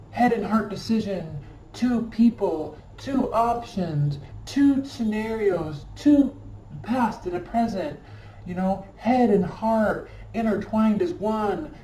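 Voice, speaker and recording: A woman's fairly low, mellow voice delivers a tarot reading in a forceful, scolding manner, repeating phrases for stress. The sound is roomy and echoey, picked up from a distance, with faint background noise.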